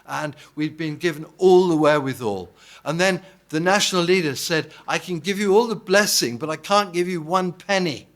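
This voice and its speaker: A man's voice: a little high, moderate pace, a bit bright. A man from England giving an informal sermon, telling anecdotes in a chatty way, acting out quoted dialogue and often checking in with his listeners. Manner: anecdotal, conversational, asks the congregation "yeah?". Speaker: preacher.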